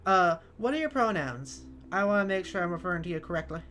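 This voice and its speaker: A woman's voice: lowish voice, expressive, quick pace, a bit bright, faint music behind. An American woman streaming a game, chatting casually and reading chat messages aloud in a bubbly, joking manner.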